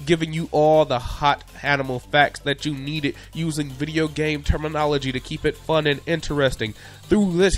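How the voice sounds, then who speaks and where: Playful higher-voiced young man narrating. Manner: conversational, playful, jokey asides. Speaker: video essay narrator. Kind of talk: casual commentary.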